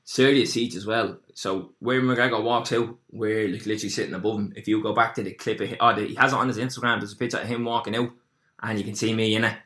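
Young lad, quick chatty storyteller, laughs a lot, swears, echoey room. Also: male voice, lowish voice, steady tone, a bit bright. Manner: rapid, laughing through the telling. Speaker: guest telling a story. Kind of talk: casual anecdote, swearing.

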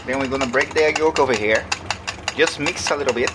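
Male chef, mid-pitched voice, instructive, recorded on location in a restaurant with loud ambience and traffic. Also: quick pace. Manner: instructive, step by step. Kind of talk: explaining a dish.

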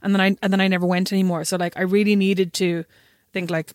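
An Irish woman co-hosting a podcast, chatting casually with lots of "like" and "you know what I mean", in a low voice. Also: level tone, fast, darkish tone, no echo, clean studio sound. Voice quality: low-pitched speaking voice. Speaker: podcast co-host. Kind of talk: casual chat.

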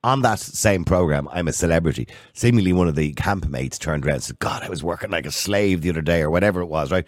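A man in his sixties with an Irish accent hosting a radio phone-in, blunt and opinionated and quick to jump in. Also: deep voice, expressive, no echo, clean studio sound. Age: 60s. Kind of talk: casual radio phone-in chat.

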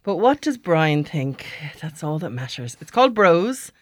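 Irish woman radio presenter, teasing casual chat, low-ish voice. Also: very animated, dry recording, studio quality. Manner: warm, teasing, quick to laugh.

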